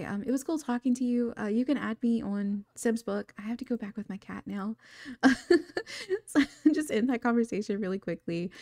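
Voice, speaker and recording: A woman's voice: mid-range voice, darkish tone, dry recording. A young woman chatting casually as she plays a life-sim game, laughing often between remarks. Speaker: gaming video creator. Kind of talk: casual gameplay commentary.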